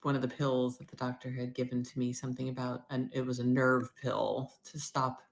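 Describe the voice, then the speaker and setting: A middle-aged woman talking candidly in a personal video diary, rambling and moving between loud bursts and near-whispers. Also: extremely low pitch, flat delivery, fairly quick, creaky. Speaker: vlogger.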